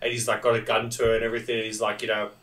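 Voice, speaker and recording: A man's voice: lowish voice, monotone, very fast, a bit bright, roomy sound, recorded from a distance. A man co-hosting a casual film review chat, retelling scenes with lots of fillers and restarts. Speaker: podcast co-host.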